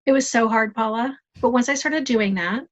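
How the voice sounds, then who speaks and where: A woman guest on a podcast interview, telling stories in a lively, self-deprecating, humorous way. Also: a little high, moderate pace. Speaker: guest, life coach.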